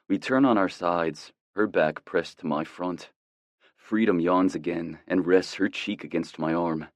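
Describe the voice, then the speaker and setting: A man giving a calm, tender first-person narration of a romance audiobook. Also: low voice, normal speed, dry recording.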